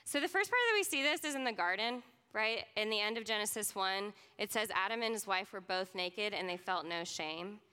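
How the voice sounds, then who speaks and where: A woman's voice: mid-range voice, animated, brisk, few pauses, bright, forceful tone, smooth, long reverb tail. A young woman teaching a class in a casual, earnest way, leaning on lots of "like" fillers. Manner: earnest, chatty, many "like" fillers. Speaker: speaker teaching a youth ministry class. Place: conference classroom or hall.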